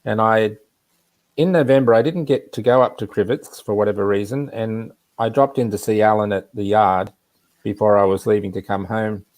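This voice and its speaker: A man's voice: lowish voice, moderate pace, darkish tone. A man casually telling a personal anecdote on a live video chat, rambling with asides. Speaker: regular guest.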